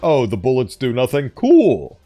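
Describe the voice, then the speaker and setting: A man reads horror articles aloud for a stream and keeps stopping to riff and joke about them. His voice sits a bit high and swings widely in pitch. Soft music plays faintly behind him. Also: moderate pace. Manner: animated, breaks off into playful asides. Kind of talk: casual reading with joking commentary. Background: faint background music.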